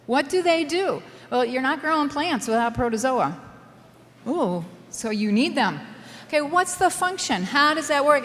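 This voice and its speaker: A woman's voice: high voice, fairly bright tone, big-room sound. A woman from Minnesota with a Scandinavian-tinged Minnesota accent, giving an emphatic, wry conference lecture full of rhetorical questions. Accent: Minnesota with a Scandinavian lilt. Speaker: soil scientist giving a lecture.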